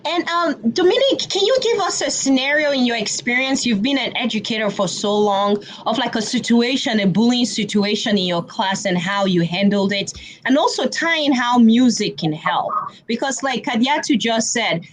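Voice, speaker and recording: A woman's voice: on the high side, animated, moderate pace, slight background noise. A woman moderating a webinar panel over a video call, asking questions in a chatty way. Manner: chatty, asks questions with "like" and "right?". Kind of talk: panel discussion.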